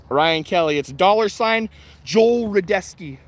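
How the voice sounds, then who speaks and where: A man's voice: sits high, expressive, slow. A man chatting casually and bluntly on a morning walk with his dogs, swearing freely and laughing as he reads and answers comments. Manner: profane, blunt, laid-back, laughs often. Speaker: vlogger reading live chat. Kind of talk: casual rambling chat on a walk.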